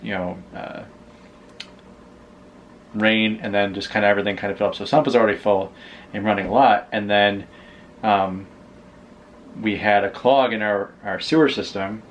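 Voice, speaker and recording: A man's voice: lowish voice, fairly even intonation, lo-fi sound, slight background noise. Rambling man co-hosting a vlog. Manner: rambling, halting, many restarts. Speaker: vlog co-host. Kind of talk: casual chat.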